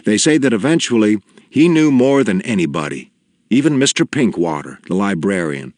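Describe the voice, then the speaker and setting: A man reads a novel aloud in a measured, deliberate way, letting each line land with quiet gravity. His voice sits very low and full, and the recording is close and dry with no room sound. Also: very animated, no echo. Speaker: audiobook narrator. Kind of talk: scripted narration.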